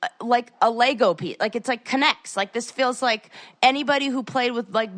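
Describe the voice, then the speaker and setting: A woman in her forties co-hosting a podcast, telling a story in a ranting, animated way and acting out the quotes. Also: a little high, moderate pace. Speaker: podcast co-host. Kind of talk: casual chat.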